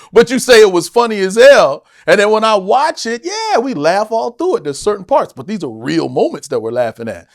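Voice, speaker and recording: A man's voice: high voice, moderate pace. A middle-aged man, an actor, telling stories in a casual interview, swearing and acting out quotes in other voices. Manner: animated, swearing, acts out quotes in other voices, laughs often.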